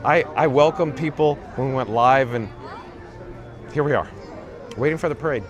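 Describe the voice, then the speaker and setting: The sound is lo-fi as a man with a mid-range voice live-streams from a handheld phone along a theme park parade route, speaking at a moderate pace. He hosts his channel in a rambling, tangent-filled way, reading viewer comments aloud.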